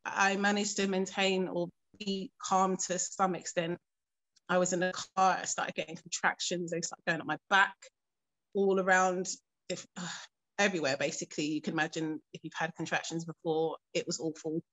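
A woman telling a painful personal story in a documentary interview, earnest and composed, pausing often with fillers. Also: lowish voice, level tone, fairly bright tone. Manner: earnest, halting storytelling with frequent pauses and fillers; keeps her composure while recounting something painful.

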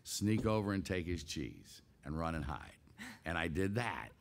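Older man, lowish voice, animated storyteller who laughs a lot, guest on an interview show. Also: unhurried. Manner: animated, laughs often, re-enacts scenes. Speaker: guest voice actor. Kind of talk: casual anecdotal storytelling.

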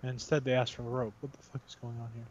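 A man's voice: medium pitch, flat delivery, rapid-fire, darkish tone, dull audio, a little hiss or hum. A young man joining in on a game commentary, teasing his friends, swearing and pressing them with questions. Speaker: let's play co-commentator. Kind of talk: casual gaming banter.

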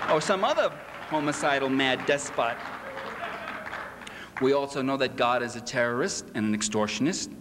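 A man's voice: mid-range voice, moderate pace, crowd noise, noisy background. A man giving a sarcastic, mocking public lecture to a convention audience in a hall. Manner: sarcastic, mocking delivery with acted quotes. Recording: echoey hall with faint ambience.

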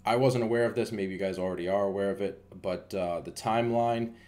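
A man's voice: fairly low pitch, steady tone, brisk, a little mellow. A man giving a casual, rambling movie review, with lots of fillers and restarts.

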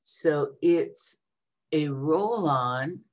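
An older woman in her seventies with a low voice talks at an easy, slow pace. She chats through an unboxing vlog, drifting into little asides and reading labels aloud. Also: animated, a little mellow. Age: 70s. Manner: chatty and meandering, reads product labels aloud. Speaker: vlogger.

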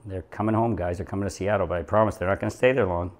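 A man working as a real estate agent, talking straight to his viewers in a vlog, excited and emotional. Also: deep voice, rapid-fire. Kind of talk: vlog narration to camera. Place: condo overlooking the ocean.

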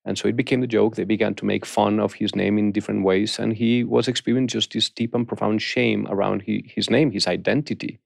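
A man guest in a studio telling a heartfelt personal story in an earnest, halting way with soft restarts. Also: lowish voice, steady tone, gravelly, dry recording. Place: recording studio.

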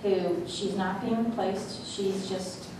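A woman giving a halting tribute speech at a school board meeting, with many fillers. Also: mid-range voice, steady tone. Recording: echoey hall, mic from far off, noisy.

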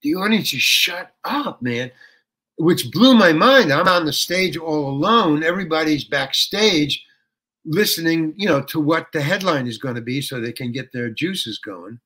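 Animated older man telling a story. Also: a little high, a little slow. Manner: animated, colloquial storytelling with frequent "man" and "you know". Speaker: interview guest. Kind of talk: storytelling in an interview.

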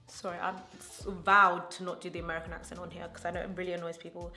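A woman's voice: lowish voice, flat delivery, moderate pace, bright, forceful tone. A woman beauty vlogger chatting casually while doing her makeup, gushing with enthusiasm and slang. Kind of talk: casual get-ready-with-me chat. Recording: roomy echo with faint music.

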